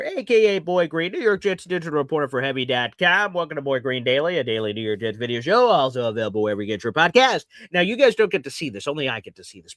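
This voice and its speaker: A man hosting a casual live call-in sports show, animated and jokey, tossing in sound effects as he talks. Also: a little high, no echo, studio quality. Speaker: show host and team reporter.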